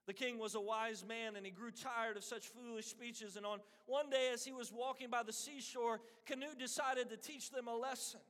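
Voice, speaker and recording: Preaching earnestly, this pastor narrates a story and performs the voices of its characters. His very high voice holds a steady tone and a moderate pace with few pauses, a bit bright. A long hall reverb surrounds the sound.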